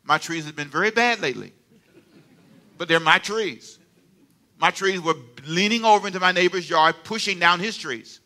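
Animated older male pastor preaching. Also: sits high, moderate pace. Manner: animated storytelling with laughs and call-and-response. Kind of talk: sermon. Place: church sanctuary.

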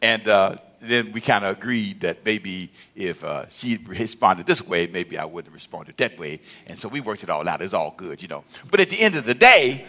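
A man's voice: lowish voice, lively intonation, moderate pace, few pauses, pushed and bright. An older man preaching a sermon, rising in emphasis and calling for answers from the congregation. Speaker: pastor.

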